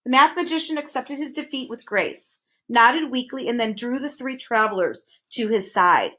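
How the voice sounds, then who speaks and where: Female storybook reader, expressive, fairly high voice. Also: moderate pace. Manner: expressive, even narration. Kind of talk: storybook read-aloud.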